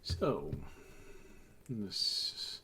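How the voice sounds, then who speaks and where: A man's voice: very slow, sharp tone, slight background noise. A man streaming while he draws a map, thinking aloud, muttering to himself and making dry asides to his chat over a desk microphone.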